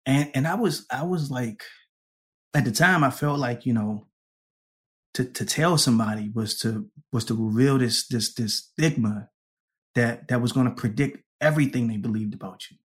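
A man as an interview guest, telling a personal story in a lively way, laughing often and acting out the people he quotes. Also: mid-range voice, moderate pace. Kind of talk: conversational storytelling.

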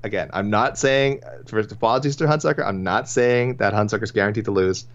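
Fairly low and fairly quick, a chuckling co-host reads listener picks during casual sports chat on a dull-sounding lo-fi podcast. He's talkative and restarts often.

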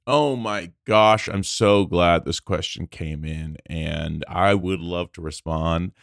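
A man cohosting an improvised comedy podcast as Satan, tossing off deadpan, wry quips. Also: deep voice, slow, gravelly, dry recording, clean studio sound.

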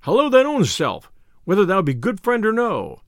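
A man's voice: high voice, huge pitch swings, normal speed, no room sound, clean studio sound, voice pushed up, full character voice. A man reading aloud, voicing a boisterous, boastful male tinker in an audiobook tale. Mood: blustering. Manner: loud, boastful old-style speech.

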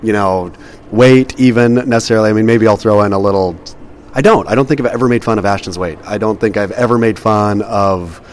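A man's voice: lowish voice, a little fast, slight background noise. A man co-hosting a podcast in casual chat, speaking emphatically and piling up repeated words for stress. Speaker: podcast co-host.

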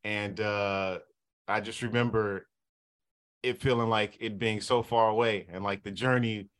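A man in his thirties from Southern California, a sports TV reporter chatting as a podcast guest, telling stories in a relaxed, easygoing way. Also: on the low side, a little slow. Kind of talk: casual podcast chat.

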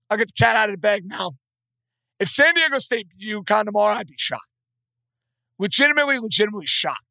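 Hoarse New male sports radio host, high and gravelly, blunt takes, dry studio sound. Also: bright, forceful tone, no room sound. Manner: blunt, opinionated.

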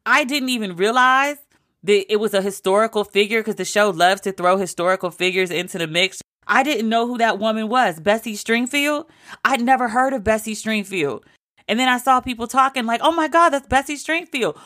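A woman's voice: mid-range voice, a little fast, a bit bright. A woman recapping a TV show in casual, emphatic talk, with some swearing. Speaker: TV show reviewer.

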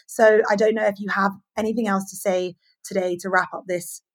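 A woman hosts a casual podcast conversation, her voice husky and a little breathy. She talks candidly and with energy. Her pitch sits in an ordinary middle range. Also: brisk. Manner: candid and animated, sharing personal stories. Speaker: podcast host.

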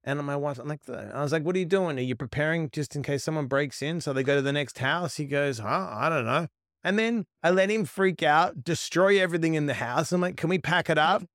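A middle-aged man, a podcast guest, telling stories in an animated, profane way and acting out quoted lines. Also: fairly high pitch, fairly quick, dry recording, studio quality. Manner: profane, emphatic, acts out quotes. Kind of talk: animated storytelling.

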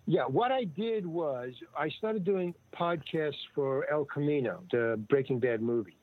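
An older man with a fairly high voice spins loose, digressive stories and drifts from one thought to the next. He slips into the voices of people he quotes. The sound is thin, dry and phone-like, with no room around it. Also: a little slow, dry recording. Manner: rambling, digressive, acts out quoted dialogue. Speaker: guest actor and comedian. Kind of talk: casual conversational storytelling. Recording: tinny dry phone-like line.

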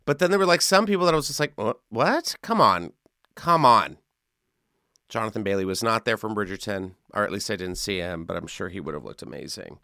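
A man's voice: fairly low pitch, lively intonation, fast talker, vocal fry, few pauses, a bit bright, clear, resonant tone, no room sound, clean studio sound. A man hosting a podcast, ranting in a sarcastic, catty way about celebrity fashion, with some swearing. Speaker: podcast host. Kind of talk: casual chat.

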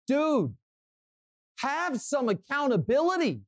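A young man co-hosting a sports podcast, telling stories and giving strong opinions in an animated way. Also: very high voice, slow, dry recording, clean studio sound. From Kansas City, US. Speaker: podcast co-host. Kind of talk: casual sports talk.

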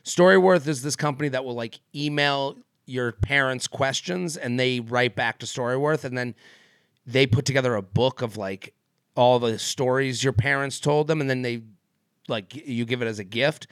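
His voice is medium-pitched, a bit bright, clear and resonant, at a normal speed, captured in a dry, clean studio recording. The podcast co-host chats casually and rambles, with many fillers, restarts, and frequent laughter.

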